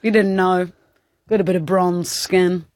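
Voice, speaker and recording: A woman's voice: lowish voice, steady tone, a little slow, darkish tone, dry recording. A woman with an Australian accent, co-hosting a radio show and telling a story with lots of giggles. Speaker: radio co-host. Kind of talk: casual radio banter.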